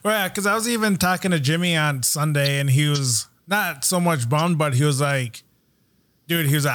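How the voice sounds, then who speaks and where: Man hosting a podcast, fairly high voice, dry close sound, easygoing and jokey. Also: normal speed, a bit bright, dry recording. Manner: laid-back, laughs easily, swears casually. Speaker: podcast host. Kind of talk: casual podcast conversation.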